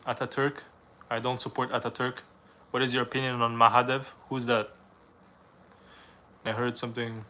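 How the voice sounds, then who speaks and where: A man's voice: medium pitch, bright, forceful tone, slight background noise. A young man from Canada, reading viewers' questions aloud on a live stream and answering them in a casual, rambling way.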